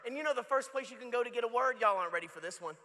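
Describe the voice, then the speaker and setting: A man's voice: very high voice, expressive, very fast, bright, forceful tone. A man preaching a sermon as a guest pastor in a church, joking with the crowd in a conversational way. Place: church sanctuary. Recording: long reverb of a large church hall.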